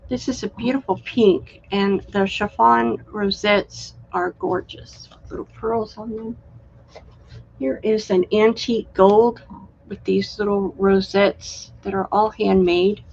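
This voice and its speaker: A woman hosting a live-stream craft sale, chatty and unhurried, admiring each item as she shows it. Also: mid-range voice, steady tone, gravelly, darkish tone, husky, muffled recording. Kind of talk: live-stream sales chat.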